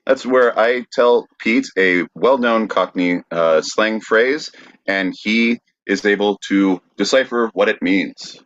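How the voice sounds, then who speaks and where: A man with a very low voice hosts a podcast quiz segment, explaining things deliberately with plenty of "uh"s. His sound is dull and lo-fi. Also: expressive, fairly bright tone. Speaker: podcast host.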